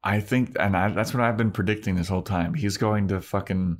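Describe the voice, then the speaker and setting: Low-voiced casual podcast guy. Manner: acts out scenes in quick put-on voices, swears freely. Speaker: podcast co-host. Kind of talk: casual recap chat.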